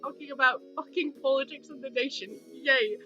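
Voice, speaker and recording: A woman's voice: sits high, normal speed, sharp tone, lo-fi sound, soft background music. A woman hosting her channel over a webcam call, in rambling, sarcastic casual chat with plenty of swearing and a British-sounding accent. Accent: British-sounding, put on. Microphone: webcam with Skype call.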